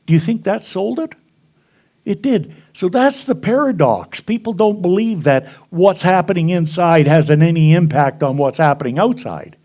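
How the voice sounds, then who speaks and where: A man's voice: high voice, animated, moderate pace, a little mellow. A man preaching a sermon, telling stories to a congregation and acting out the dialogue with chuckles along the way. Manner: storytelling, acts out dialogue, chuckles. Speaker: minister. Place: spiritual center congregation.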